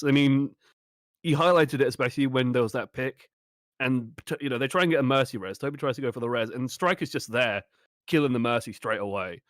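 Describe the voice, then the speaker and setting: A man co-streaming, talking over a match in a relaxed, analytical, wry way. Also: medium pitch, dry recording, clean studio sound. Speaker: co-streaming guest. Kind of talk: casual game-analysis chat.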